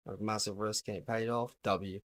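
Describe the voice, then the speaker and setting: A young British man chatting casually with his viewers while playing a game on a livestream, relaxed and easygoing as he greets viewers and answers their questions. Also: fairly low pitch, moderate pace. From United Kingdom. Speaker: gaming livestreamer.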